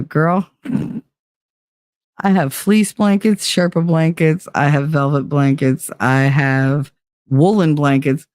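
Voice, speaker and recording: A woman hosts a casual livestream, reading viewer messages and chatting in a profane, animated way. She laughs often as she talks. The sound is dry and close, with no room echo. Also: sits low, takes it slowly, creaky, long pauses. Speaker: livestream host.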